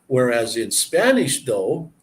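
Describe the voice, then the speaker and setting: A man chatting casually and explaining words, halting and searching for words as he goes. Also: mid-range voice, very animated. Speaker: person explaining language to a visitor. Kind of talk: casual chat.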